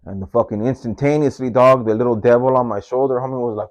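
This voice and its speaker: A man's voice: medium pitch, steady tone, fast, few pauses. A man, casually telling a personal story in street slang, tagging his phrases with homie, dog and fool.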